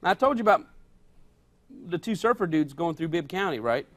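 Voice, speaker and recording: Emphatic higher-voiced male pastor. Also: expressive, normal speed. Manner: emphatic, repeats key points. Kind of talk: sermon.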